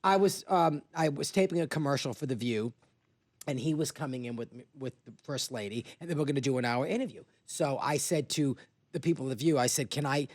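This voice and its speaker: A man hosting a radio show, telling stories in an animated, theatrical way. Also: medium pitch, brisk. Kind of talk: casual studio chat.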